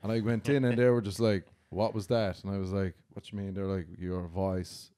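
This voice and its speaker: A man's voice: low voice, flat delivery, a little fast, warm tone. A man from Ireland with an Irish accent, a guest telling anecdotes in casual chat and laughing often. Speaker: guest comedian.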